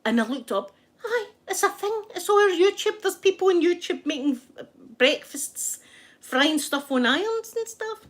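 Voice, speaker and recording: A woman's voice: very high-pitched, animated, normal speed. A Scottish woman hosting her own channel, chatting casually while ironing and telling stories with frequent laughter. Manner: chatty, storytelling, laughs often. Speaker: channel host.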